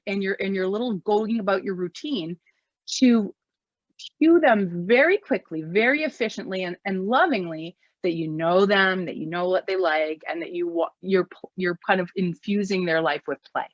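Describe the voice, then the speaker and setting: A woman's voice: mid-range voice, dry recording, muffled recording. A middle-aged woman talking casually about parenting, full of fillers and acting out the phrases she quotes. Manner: chatty, lots of "like" and fillers, acts out quoted phrases. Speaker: parenting speaker. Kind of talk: casual talk.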